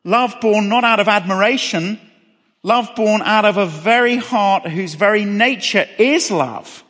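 A man's voice: high-pitched, a little slow, fairly bright tone. A man preaching a sermon, earnestly asking questions and repeating phrases for emphasis. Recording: long reverb of a hall.

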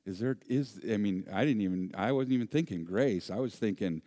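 A man with a low voice preaching a sermon. He tells personal stories in an animated way, with self-deprecating humor. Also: fairly quick, hardly any pauses, dry recording, studio quality. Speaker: pastor.

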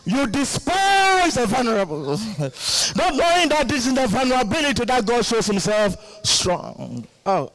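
Animated high-voiced male preacher. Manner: animated, laughing, call-and-response with congregation. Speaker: guest preacher. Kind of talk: sermon.

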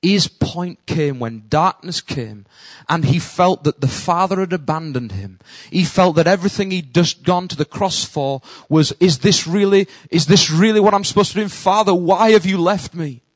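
High-voiced preaching man, dry close sound. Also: normal speed, no echo, low-quality recording. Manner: preaching with sudden drops to a hush and bursts of loud calls. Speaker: pastor. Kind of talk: sermon.

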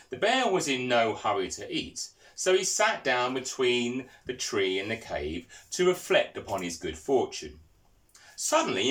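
With a mid-range voice and a fairly bright tone, a man delivers a sermon. He weaves in stories and puts questions to his listeners.

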